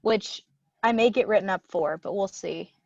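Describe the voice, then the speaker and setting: A woman's voice: medium pitch, moderate pace, a little mellow, lo-fi sound. A young woman co-hosting a podcast, telling stories in casual chat and acting out what people said. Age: young adult. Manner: storytelling, acts out her own quotes. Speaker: podcast co-host.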